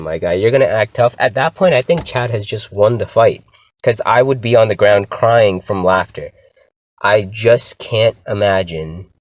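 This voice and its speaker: A man's voice: on the low side, dry recording. A young man hosting his own podcast and ranting casually and with exasperation about his pet peeves. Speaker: podcast host. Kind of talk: casual solo rant.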